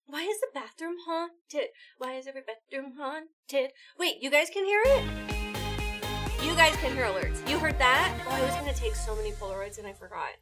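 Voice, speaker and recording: A woman live-streaming and chatting casually with her viewers, bubbly and excitable, quickly thanking people as they chip in. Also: high voice, soft background music.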